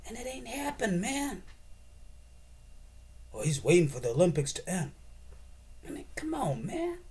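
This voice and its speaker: A man's voice: sits high, wildly swooping pitch, measured pace, darkish tone, husky. A man giving a profane, sarcastic and rambling political rant as a commentator.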